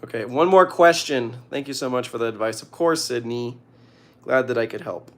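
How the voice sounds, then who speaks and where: A young man casually reading out viewer questions and giving joking, deadpan advice. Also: medium pitch, moderate pace. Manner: reads questions aloud, jokey deadpan answers. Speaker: streamer answering viewer questions.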